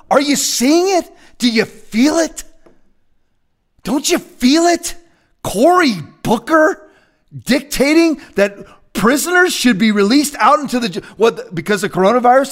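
A man preaching as a pastor in a fiery, confrontational rant, swinging between shouting and hushed asides. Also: extremely high pitch.

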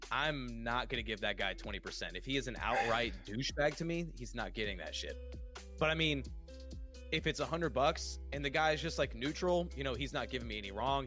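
A man's voice: medium pitch, bright, forceful tone. A man with an American accent, co-hosting a podcast, talking bluntly and swearing freely in casual chat. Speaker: podcast co-host.

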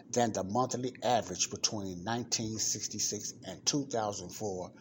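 Low-voiced man reading figures with emphasis. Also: normal speed, a little hiss or hum. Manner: talks directly to listeners, asks rhetorical questions. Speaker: podcast host addressing a church audience. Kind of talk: reading aloud and commenting on a report.

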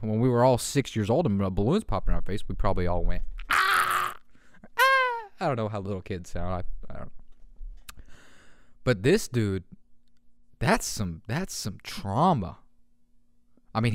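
A young man hosting a casual podcast, excitable and laughing often, swearing and doing deep meows as he reacts to memes. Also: no room sound, studio quality. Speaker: podcast host. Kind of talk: casual meme commentary. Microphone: handheld podcast mic.

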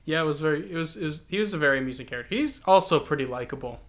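A man's voice: fairly high pitch, animated, racing. A man from Texas co-hosting a podcast, chatting casually about a book in a rambling way full of fillers. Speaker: podcast co-host.

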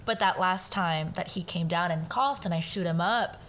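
Animated woman telling a family story. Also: lowish voice, moderate pace, slight background noise. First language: bilingual, speaks Spanish at home. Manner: animated, quotes family members, swears casually. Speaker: podcast guest. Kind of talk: casual conversational storytelling.

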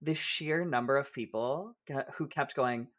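A man co-hosting a podcast, chatting casually at a middle pitch. He tells stories animatedly, full of "like" and "uh", and acts out what other people said. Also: unhurried. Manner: animated storyteller, many fillers, acts out quotes. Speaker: podcast co-host. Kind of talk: casual chat.

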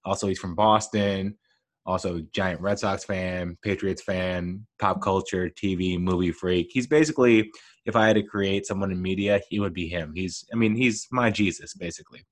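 A man's voice: sits low, fairly even intonation, normal speed. A man hosting his own podcast, talking alone and gushing with enthusiasm about things he loves. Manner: gushing, enthusiastic fan talk. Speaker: podcast host. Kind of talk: casual solo podcast monologue.

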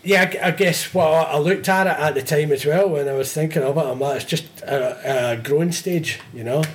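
A man's voice: on the high side, brisk, slight background noise. A young man in casual chat, swearing freely, laughing often and acting out phone calls. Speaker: metalwork business owner, guest.

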